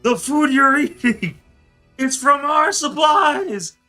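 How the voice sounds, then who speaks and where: A man voicing a panicked male servant, urgent and shrill. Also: unhurried, bright, forceful tone, faint music behind, exaggerated voice. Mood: alarmed.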